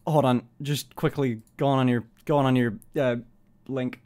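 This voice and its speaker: A man's voice: medium pitch, steady tone, moderate pace, a little mellow. A man in his twenties chatting casually on a live stream, swearing freely, laughing often and rambling in a self-conscious way. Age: 20s.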